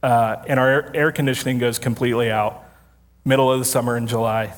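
A man's voice: medium pitch, fairly even intonation, brisk. Chatty pastor man in a reverberant hall. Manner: conversational, self-deprecating, laughs often. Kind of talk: storytelling sermon. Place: church sanctuary with congregation.

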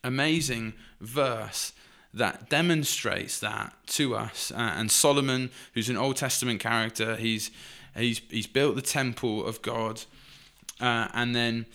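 A man's voice: medium pitch, measured pace, vocal fry, sharp tone. A man co-hosting a faith podcast, explaining earnestly with frequent fillers. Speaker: podcast co-host.

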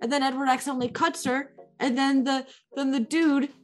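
A woman's voice: sits high, fairly even intonation, brisk, soft background music. A woman retelling a movie plot in casual chat, rambling with lots of likes and uhs, and gushing about it.

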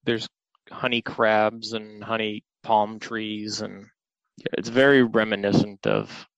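A man with a gravelly, creaky voice chatting casually, his pitch swinging widely as he talks. The sound is dry and close, with no room echo. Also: slow pace, lo-fi sound. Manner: animated, acts out quotes. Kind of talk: casual chat.

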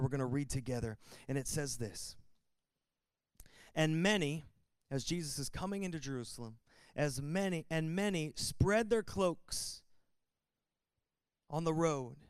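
A man's voice: fairly high pitch, smooth, no echo. A man preaching a sermon as pastor, building emphasis with repetition and calls to open the Bible.

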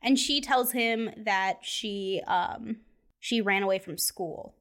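A woman's voice: mid-range voice, takes it slowly. A young woman chatting casually about an old film, retelling scenes with acted-out quotes and frequent laughter. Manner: animated storytelling, acts out quotes, laughs often.

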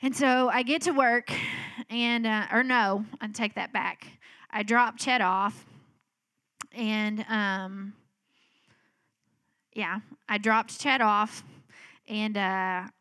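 A woman's voice: mid-range voice, fairly even intonation, slow pace, pauses often, pushed and bright, clear, resonant tone. A middle-aged woman giving a casual spoken testimony, telling her story in a chatty way full of filler words. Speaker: speaker sharing a personal testimony.

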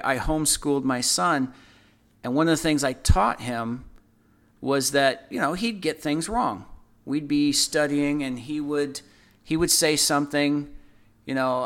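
A man's voice: a little high, a bit bright, clear, resonant tone. Earnest man teaching scripture in conversation. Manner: earnest, repeats phrases, acts out everyday quotes. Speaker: Bible study co-host.

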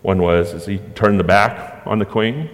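A pastor preaching from the pulpit with a lowish male voice. He leans on rhetorical questions and lets dramatic pauses hang, his words trailing off into the long reverb of a large hall. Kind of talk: sermon.

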